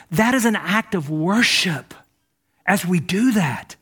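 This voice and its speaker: A male pastor preaching a sermon to a church, impassioned, moving between loud urging and hushed speech. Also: high voice, expressive, takes it slowly, husky.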